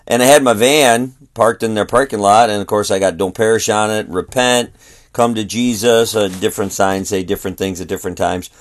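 A man's voice: lowish voice, steady tone, fairly quick. A middle-aged man, a traveling street preacher, telling a story and quoting both sides of a conversation.

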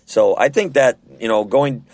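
A man's voice: mid-range voice, normal speed, a little mellow. A man leading a casual Bible study discussion, talking earnestly and conversationally and often checking in with rhetorical questions.

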